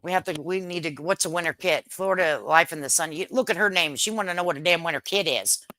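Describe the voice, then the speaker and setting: A woman's voice: fairly low pitch, fast, bright, forceful tone, no room sound. A middle-aged woman hosting a casual livestream, reading viewer comments in a brash, joking way, swearing lightly and laughing often. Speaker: livestream host.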